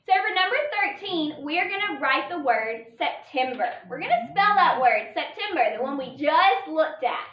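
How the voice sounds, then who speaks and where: High, lively woman teaching phonics. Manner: sounds out syllables slowly, warmly encouraging praise. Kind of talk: online phonics lesson for children. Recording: roomy, dull lo-fi sound.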